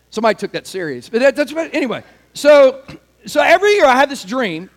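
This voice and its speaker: A man in his forties preaching a sermon, animated and shouting at the peaks of his personal stories. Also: extremely high pitch. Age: 40s. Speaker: pastor.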